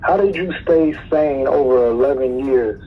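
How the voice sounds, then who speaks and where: A man's voice: mid-range voice, normal speed, a little hiss or hum. A man calling in to a radio show, asking a question in a casual, slangy way. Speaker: caller. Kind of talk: call-in question. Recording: tinny phone line.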